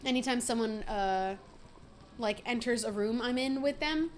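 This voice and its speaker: A woman's voice: a little high, a little slow, slight background noise. An American woman streaming a game, chatting casually with viewers in a playful way and laughing often. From United States. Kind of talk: casual gaming stream chat.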